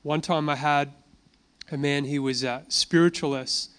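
A man's voice: a little high, fairly even intonation, unhurried, a bit bright, smooth. A man giving an informal sermon, telling personal testimony in a conversational way and asking and answering his own questions. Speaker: preacher.

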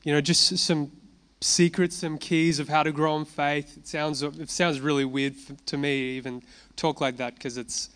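Animated preacher, fairly high voice. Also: male voice, moderate pace. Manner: animated storytelling, casual asides. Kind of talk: sermon with testimony.

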